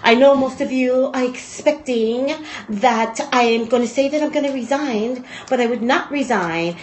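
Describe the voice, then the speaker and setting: A woman doing a comic impression of a cocky Eastern European woman tennis star, with a mock Russian accent and a smug, drawn-out delivery. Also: fairly high pitch, slight background noise, natural voice.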